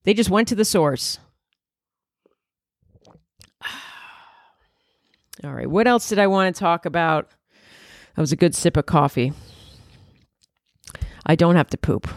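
A woman's voice: on the low side, slow pace, long pauses, dry recording, studio quality. A woman in her thirties hosting a solo podcast, chatting casually in a candid, rambling way with plenty of swearing and filler words. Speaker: podcast host.

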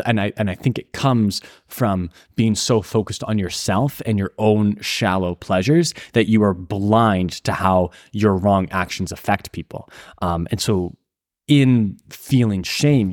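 Deep-voiced man musing with many fillers. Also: dry recording, clean studio sound. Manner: thoughtful, searching for words with many fillers and restarts. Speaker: podcast co-host. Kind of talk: casual Christian podcast discussion.

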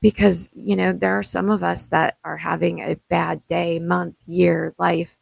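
A woman's voice: on the low side, flat delivery, measured pace, creaky, husky, dry recording. A woman co-hosting a casual chat, talking in an earnest, encouraging way. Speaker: podcast co-host.

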